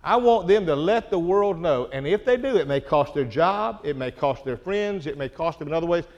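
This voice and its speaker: A man's voice: fairly high pitch, animated, moderate pace, darkish tone, lo-fi sound. A middle-aged man preaching a sermon in an earnest, conversational way, often checking in with the listeners. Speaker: pastor.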